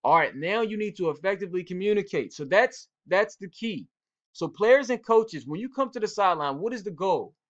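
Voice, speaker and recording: Man coaching players, higher voice, lo-fi sound. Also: lively intonation, a little fast. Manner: direct, repetitive, coach-like urging. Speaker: football coach and cornerback trainer. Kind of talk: casual instructional talk to young players.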